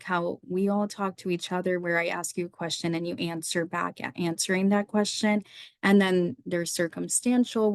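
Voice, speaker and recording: A young woman explains psychiatry to students, walking through slides and stringing together lists of questions. Her voice sits slightly low. The recording is dry, with no room echo. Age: young adult. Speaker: psychiatry resident teaching medical students. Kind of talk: lecture over slides.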